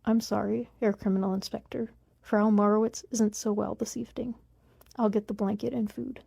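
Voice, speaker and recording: An elderly tailor, formal and deferential, quietly resigned, as a woman reads him aloud. The voice is mellow and gravelly, recorded dry. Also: medium pitch, flat delivery, moderate pace, no room sound.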